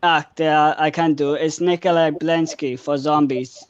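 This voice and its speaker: Young Welsh male caller, slow, hesitant, smooth voice, lo-fi dry call audio. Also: a little high, steady tone, dry recording. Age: 20s. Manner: hesitant, halting. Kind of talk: casual call-in chat. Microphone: home mic over a call.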